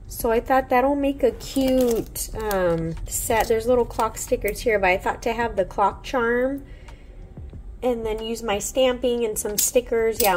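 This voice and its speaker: A woman's voice: a little high, a little mellow, slight background noise. A woman vlogging casually at home about a nail haul, her voice cracking from a sore throat, chatty and rambling with many fillers. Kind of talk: casual chat. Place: home, indoors.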